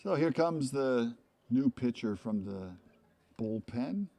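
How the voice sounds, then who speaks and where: A man's voice: medium pitch, expressive, slow pace, warm tone. Chatty male baseball play-by-play commentator. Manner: chatty, rambling between plays with asides.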